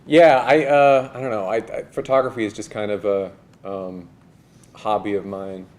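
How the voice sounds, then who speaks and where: A man's voice: fairly low pitch, steady tone, moderate pace, darkish tone. A young man introducing himself before reading his writing, hesitant and self-deprecating with many fillers. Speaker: writer reading at a release party. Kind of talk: casual remarks before a reading.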